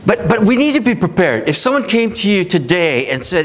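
A man's voice: high voice, very animated, fairly quick, few pauses. A man preaching a sermon as pastor, talking in a conversational way and acting out the voices of people he quotes.

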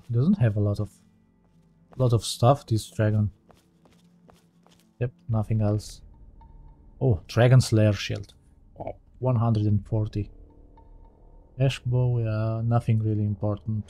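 A man's voice: on the low side, steady tone, measured pace, creaky, pauses often, warm tone, soft background music. A man giving casual let's-play commentary as he plays, thinking aloud and often correcting himself mid-sentence. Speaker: gaming channel host.

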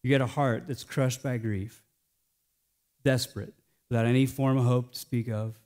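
An American male pastor delivering a sermon, swinging between hushed, slowed phrases and loud, emphatic lines. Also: mid-range voice, steady tone.

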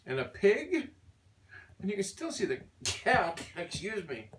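An older man reads a picture book aloud to his baby grandson at home. His sing-song delivery swoops widely in pitch and he throws in playful animal noises. He sounds a little distant from the mic. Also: huge pitch swings, a little slow, fairly bright tone, soft background music.

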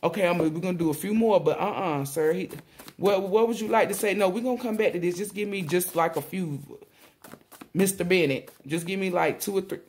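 A woman tarot reader talking casually to viewers, rambling and excitable, often exclaiming and relaying messages in blunt slang with swearing. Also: fairly low pitch, fairly quick, slight background noise. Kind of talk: casual spiritual reading to viewers.

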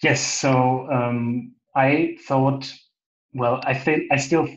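A man with a German accent, talking in a casual interview over a video call, hesitant with many restarts and soft laughs. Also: mid-range voice, steady tone, drawn-out words. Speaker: interview guest. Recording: echoey, dull lo-fi call audio.

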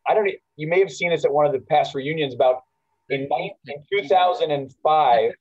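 A man casually reminiscing on a video call, talking in a halting way with frequent restarts. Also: fairly high pitch, darkish tone, muffled recording. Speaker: alumni walk organizer at a school memorial.

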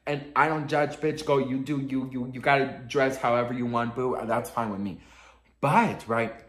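A man hosting a casual pop culture gossip vlog in a sassy, excitable style. He swears a lot and keeps calling the viewer "girl.". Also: mid-range voice, moderate pace, reverberant.

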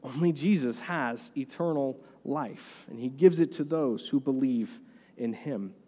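A man's voice: medium pitch, a little slow, mellow, breathy edge, long reverb tail. A man preaching a sermon as pastor, earnest and conversational.

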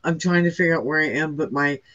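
A woman's voice: deep voice, fast, a bit bright, muffled recording. A woman guest earnestly recounting her near-death experience, intense and emotional, often restarting her sentences. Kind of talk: emotional first-person storytelling.

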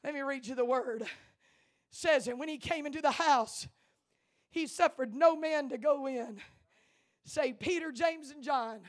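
A woman pastor, preaching a sermon in church with impassioned, rising delivery that builds to shouts. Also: high voice, unhurried, pauses often.

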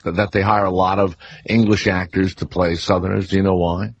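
Older male radio host in his sixties, New Orleans accent, deep husky voice, rambling talker. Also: little pitch movement, fairly quick, lo-fi sound. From New Orleans, Louisiana. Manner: rambling storyteller, many fillers and restarts. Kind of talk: casual radio talk.

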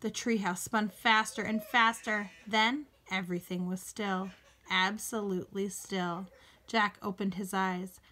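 A woman reads a children's chapter book aloud in a bright, forward voice at a middle pitch. She lifts her voice for the children's lines and now and then restarts a word. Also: steady tone, a little slow, a little hiss or hum. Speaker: reader.

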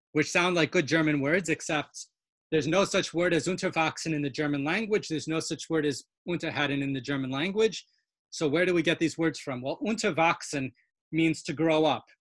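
A woman's voice: low-pitched, dry recording. A woman teaching an online webinar on Yiddish dialects over a video call, explaining word origins with eager enthusiasm and frequent "um"s. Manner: enthusiastic, self-described nerd, explains with many fillers.

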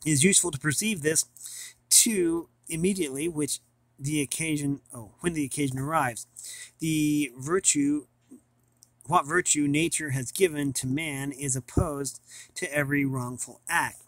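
A man's voice: fairly high pitch, normal speed, fairly bright tone, no echo. A young man reading an old philosophy text aloud, stumbling and restarting often over the archaic words. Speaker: reader of classic texts.

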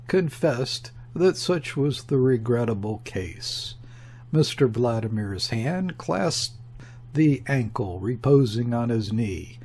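A man reading a classic novel aloud as audiobook narrator, in a measured, deliberate manner. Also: mid-range voice, a little mellow, husky. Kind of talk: scripted narration.

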